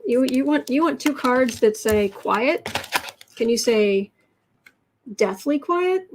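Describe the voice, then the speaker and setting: A woman hosting a live tarot reading, musing aloud over the cards and answering chat in halting, drawn-out phrases. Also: fairly high pitch, darkish tone. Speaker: tarot reader and channel host.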